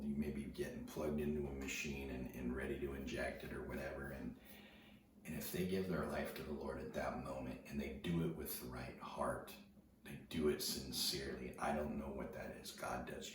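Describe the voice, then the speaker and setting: A man telling a personal story to his viewers in an earnest, casual way, often dropping to a hushed near-whisper and repeating words as he goes. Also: extremely low pitch, steady tone, moderate pace. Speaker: video host. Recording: very echoey, distant from the mic, noisy ambience.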